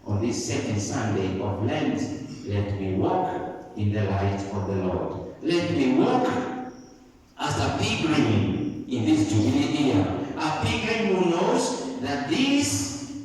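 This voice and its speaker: A man preaching a sermon as a priest, in a slow, sing-song way with many rhetorical questions, recorded in a church. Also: mid-range voice, big pitch swings, darkish tone. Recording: echoey church from far off.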